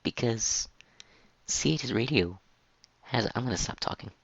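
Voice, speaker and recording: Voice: medium pitch, normal speed, gravelly, highs cut off, very noisy. A teenager hosting a student radio show, rambling and poking fun at their own mistakes. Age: teens. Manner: lively, rambling and self-mocking. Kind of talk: reading a script with bloopers.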